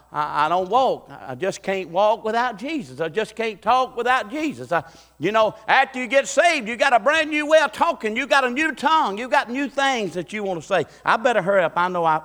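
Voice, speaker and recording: Excited preacher, bright high voice. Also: male voice, in a large hall. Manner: folksy, building to excited preaching with acted-out voices. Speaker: pastor. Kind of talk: sermon. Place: church sanctuary.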